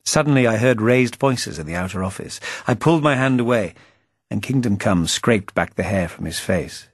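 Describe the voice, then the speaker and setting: A man reading his own novel aloud as an audiobook, narrating in a dry, wry and measured way. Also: on the low side, expressive, husky, no echo.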